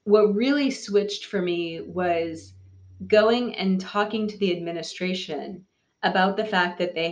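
A woman's voice: lowish voice, highs cut off. A middle-aged woman from the San Francisco Bay Area, a podcast guest telling her story in a candid, wry way with frequent laughs. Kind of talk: casual interview storytelling.

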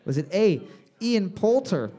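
A man's voice: sits high, very animated, measured pace, dark tone. A man hosting a casual trivia game, reading questions and cracking crude jokes. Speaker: trivia host.

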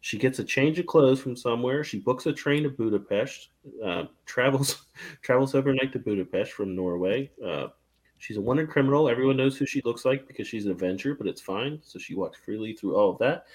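A man's voice: mid-range voice, brisk. A man hosting a casual podcast, recapping a film from his notes in a sarcastic tone and swearing freely. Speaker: podcast host. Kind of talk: casual chat.

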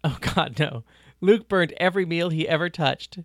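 A reader voicing Paris, a blunt, warm woman from a ranch, in an audiobook. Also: mid-range voice, moderate pace, no room sound, studio quality, close to an everyday voice. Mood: chatty. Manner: breezy, teasing, plain-spoken. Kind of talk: audiobook reading.

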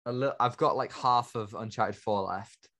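A man's voice: on the low side, normal speed, a bit bright. A man co-hosting a film podcast in casual chat, teasing his partner and laughing often. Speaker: podcast co-host.

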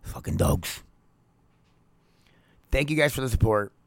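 A young podcast host with a lowish voice, vocal fry, and lively intonation speaks a little slowly in his casual solo monologue. Recorded on a podcast mic at home near the laundry room with no room sound, he rambles candidly and swears plenty.

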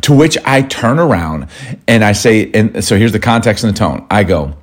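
A man, married over two decades, co-hosting a casual chat and telling stories in an animated way, acting out lines in changed voices. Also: lowish voice, normal speed. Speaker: podcast co-host.

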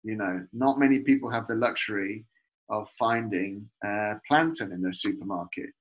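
Husky middle-aged man, animated storyteller, from Peru. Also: lowish voice, normal speed, rough recording. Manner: warm, animated storytelling about food. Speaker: guest. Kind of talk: casual conversation.

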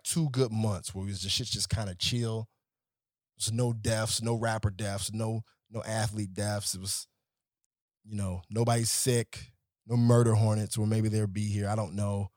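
A man who works as a nightlife promoter delivers an animated, exasperated and profane comedic rant. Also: on the low side, dry recording, clean studio sound.

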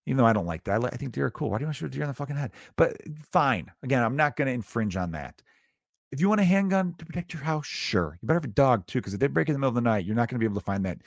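A male comedian on his podcast, ranting with profanity and biting sarcasm. His pitch sits in an ordinary middle range for a man. The sound is dry and close, with no room in it. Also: animated, rapid-fire, gravelly, dry recording.

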